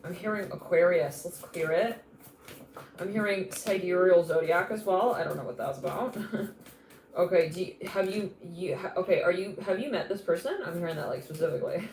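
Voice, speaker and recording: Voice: medium pitch, moderate pace, darkish tone. Live tarot reader with a rambling, laugh-filled delivery, recorded in a roomy space with faint noise. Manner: rambling, chatty, laughs often, restarts mid-thought. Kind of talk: live intuitive tarot reading.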